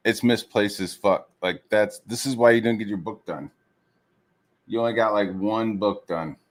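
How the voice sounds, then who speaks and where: Streamer, male, deeper voice, heated swearing rant, mocks others. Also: normal speed. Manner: heated, swears constantly, full of fillers. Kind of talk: profane rant.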